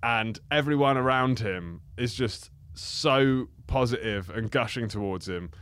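A man's voice: mid-range voice, a bit bright, smooth. A man, a comedian guest in a casual, rambling, jokey podcast chat. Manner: rambling, jokey, quick asides.

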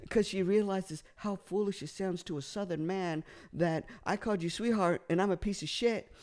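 A man from California, a podcast guest telling comic stories in casual chat, animated, with frequent restarts and acted-out voices. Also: high voice, normal speed.

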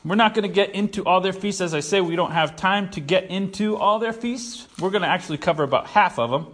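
Folksy joking male pastor, fairly high voice. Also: a bit bright. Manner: folksy, joking, halting with many fillers. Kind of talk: conversational sermon.

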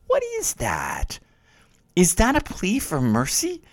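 A man lectures on poetry in an animated, conversational way, his pitch rising and falling widely. He talks casually, like he is chatting with his students. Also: takes it slowly. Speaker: literature lecturer.

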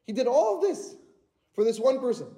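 A man's voice: extremely high pitch, big pitch swings, normal speed, dark tone, reverberant. A man preaching a sermon in a church, earnest and repetitive, often restarting his words.

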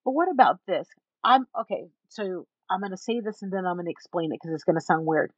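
A woman guest in an interview, telling a story in an animated way and acting out the people in it. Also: fairly low pitch, fast talker, no room sound, muffled recording. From Texas. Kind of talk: storytelling in a conversation.

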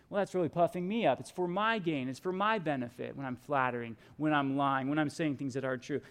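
A man's voice: a little high, fast talker, few pauses, a bit bright, clear, resonant tone. A pastor preaching a sermon, reading scripture aloud and pressing his points with emphatic repeated exhortations.

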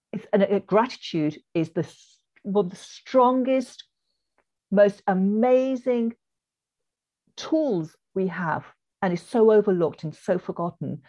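A woman's voice: mid-range voice, animated, a little slow, warm tone. Encouraging English-accented woman coach, podcast guest, slightly dull audio. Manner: earnest, encouraging, reflective. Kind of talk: podcast interview.

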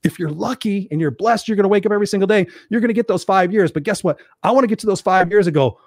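A man's voice: high-pitched, quick pace, hardly any pauses, no echo, studio quality. A man giving a blunt, profane motivational monologue, hammering his points home with rhetorical questions. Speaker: motivational speaker.

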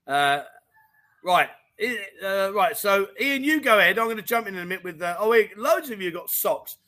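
Bright, high-voiced man chatting live. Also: moderate pace. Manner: chatty and animated, full of mate and diamond geezer slang. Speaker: livestream host reading viewer comments. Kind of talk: casual livestream chat. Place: home in Thailand.

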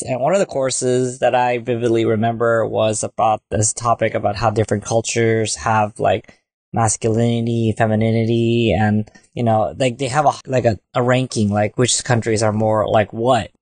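A young man co-hosts a podcast, chatting casually and rambling with plenty of fillers. His voice is medium-pitched and a little mellow, with no room sound.

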